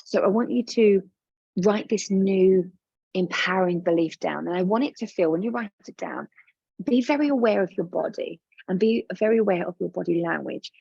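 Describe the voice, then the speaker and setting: A woman coach with a low, gravelly, husky voice guides the listener through a visualization exercise. She speaks in a soothing, encouraging way and repeats her instructions. The sound is dull and lo-fi. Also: a little mellow, no room sound. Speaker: business coach.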